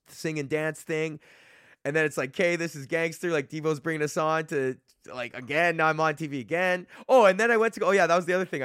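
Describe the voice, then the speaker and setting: A man in his thirties with a fairly high-pitched voice hosts his own podcast and rants casually. He rambles, swears freely and mocks himself, breaking into laughter along the way. The sound is close and dry on a podcast microphone. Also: a bit bright, no room sound. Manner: rambling, profane, self-mocking, laughs often. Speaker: podcast host and comedian. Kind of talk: casual solo rant.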